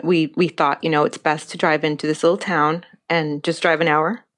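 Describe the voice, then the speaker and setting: A young adult woman recounts her story as a podcast guest, slipping into the voices of the people she quotes. Her voice sits a little low for a woman, and she talks with lively, animated feeling. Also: moderate pace. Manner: animated, acts out quoted dialogue. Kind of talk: emotional personal storytelling.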